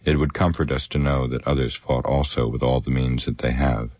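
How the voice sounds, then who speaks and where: A man reading a fantasy story aloud in a measured, grave storytelling manner, lifting his pitch for the characters' lines. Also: little pitch movement, a little mellow, dry recording. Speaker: audiobook narrator. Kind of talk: scripted narration with character voices.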